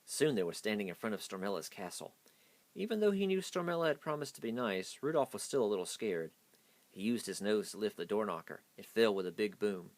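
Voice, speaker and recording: A man reads a children's picture book aloud in a hurried pace. His low voice rises and falls with lively animation. The sound is dry and close. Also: no room sound. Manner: hasty reading. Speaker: storyteller.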